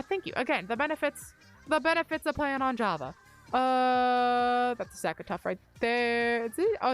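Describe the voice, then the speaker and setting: A young woman chats loosely during a gaming livestream, wandering from thought to thought and poking fun at herself. Her voice sits slightly high as she talks into a desk mic in her bedroom. Faint music plays in the background. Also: a bit bright. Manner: rambling, self-deprecating, chatty. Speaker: streamer. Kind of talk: casual gaming livestream chat. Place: upstairs bedroom at home. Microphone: desk mic on a mic arm.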